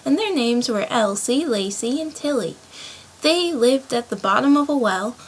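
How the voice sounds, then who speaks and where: A drowsy, touchy little dormouse with a hoarse, feeble voice, rambling on in a storybook, as a woman reads him. He sounds half-asleep yet quick to take offence. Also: on the high side, lively intonation, slight background noise, close to an everyday voice, low-quality recording. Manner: drowsy, prone to indignant outbursts.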